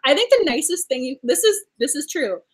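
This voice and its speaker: A woman's voice: sits high, very animated, a little fast. A woman co-hosting a book club discussion, chatty and enthusiastic, laughing often as she talks about novels. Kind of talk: casual book chat.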